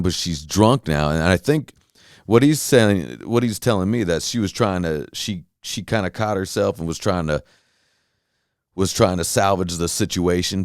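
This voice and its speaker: Deep-voiced guy ranting a dating story on his podcast, dry close sound. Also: no echo. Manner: rambling, animated retelling with quoted voices and profanity. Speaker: podcast host. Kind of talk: casual storytelling rant.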